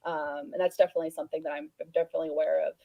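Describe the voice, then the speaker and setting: A woman on a panel speaking in a halting way, with frequent fillers. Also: deep voice, little pitch movement, creaky, phone-quality sound, slight background noise. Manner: halting, many fillers and restarts. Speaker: incident responder on a panel. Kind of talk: panel discussion.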